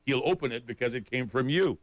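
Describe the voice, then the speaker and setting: A man's voice: mid-range voice, lively intonation, fairly quick, no echo. A man co-hosting a radio talk show, chatting casually and giving the studio time and phone number. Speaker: radio co-host.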